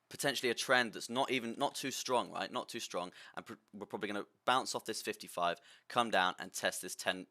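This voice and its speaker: Man, young, low voice, quick, bright tone, halting chart talk with "right?". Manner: halting, repeats words, keeps adding "right?". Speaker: crypto streamer. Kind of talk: live stream chart analysis.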